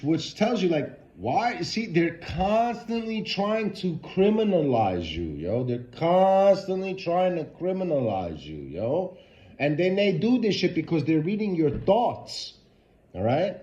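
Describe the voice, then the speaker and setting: A man's voice: a little high, mellow. A man ranting to camera in a vlog, profane and emphatic, repeating his points. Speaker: vlogger. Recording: dull lo-fi sound.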